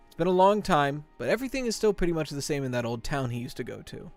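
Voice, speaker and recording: A young man live-streaming a horror game, chatting with viewers and telling groaner puns in an excitable, joking way. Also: fairly high pitch, soft background music. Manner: excitable, quick yelps of frustration. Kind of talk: live-stream gameplay chat.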